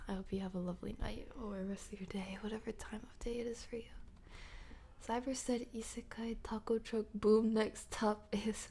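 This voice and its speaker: A woman's voice: mid-range voice, darkish tone, a little hiss or hum. A woman with a stuffy nose chatting on a livestream, often dropping into a half-whisper, giggling as she reads and answers chat. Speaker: ASMR streamer.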